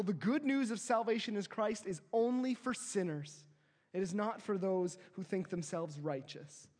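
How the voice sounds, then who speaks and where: A man preaching a sermon as pastor, earnest, swelling louder and slowing down on his key phrases. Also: sits high, long reverb tail.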